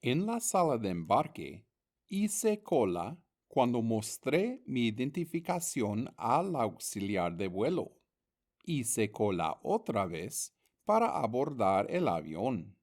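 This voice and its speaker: A male teacher narrates an instructional lesson in a slow, deliberate voice. His pitch moves up and down a great deal as he reads out each word and its meaning. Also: sing-song, darkish tone. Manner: slow and deliberate, reading words and their meanings. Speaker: language teacher.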